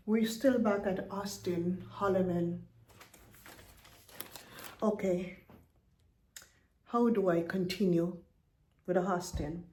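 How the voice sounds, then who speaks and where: A woman's voice: mid-range voice, dark tone, husky. A middle-aged woman delivering a blunt, confrontational rant as a vlogger, often repeating herself for emphasis. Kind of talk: ranting commentary video.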